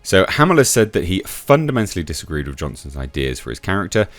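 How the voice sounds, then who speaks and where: A very deep-voiced man talks through his commentary in a casual, sarcastic way, and his lively delivery leaps from low mutters to sharp high bursts. The recording is dry and close, with faint music underneath. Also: fast, no echo. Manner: sarcastic, chatty, swings from low mutter to sudden high emphasis. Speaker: YouTube commentator. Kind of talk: casual commentary reading quotes.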